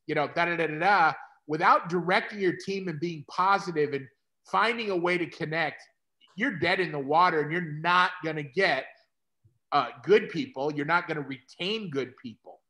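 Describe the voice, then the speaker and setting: A middle-aged man hosting a casual conversation, talking to doctors in an energetic, coaching way. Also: on the high side, moderate pace. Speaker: host and practice consultant.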